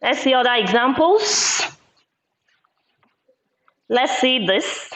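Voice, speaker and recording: A woman teacher giving a classroom lesson, speaking slowly and deliberately and repeating words syllable by syllable. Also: high-pitched, expressive, a bit bright. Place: classroom with a board. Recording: echoey room, dull lo-fi sound.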